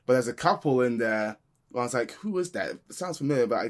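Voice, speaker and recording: A man's voice: mid-range voice, lively intonation, fast. A man reviewing a film in easygoing casual chat, with lots of ums.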